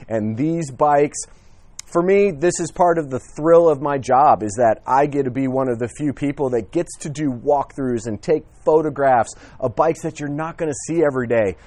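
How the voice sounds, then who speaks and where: A man's voice: mid-range voice, moderate pace, darkish tone. A man giving a casual, enthusiastic walkthrough of motorcycles outdoors at a dealership, filming with a handheld camera, chatty with frequent fillers.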